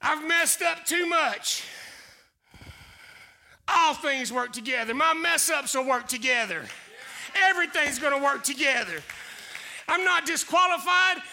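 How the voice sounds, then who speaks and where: Male pastor, high gravelly voice, preaches in forceful shouted bursts, winded. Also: expressive, measured pace, long pauses. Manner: preaching with rising shouted declarations. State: getting out of breath. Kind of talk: sermon.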